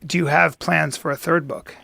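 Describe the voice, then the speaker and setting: A man hosting a podcast interview in casual chat, joking and teasing with quick interjections. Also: fairly high pitch, steady tone, vocal fry, sharp tone, no echo, clean studio sound. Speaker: podcast host.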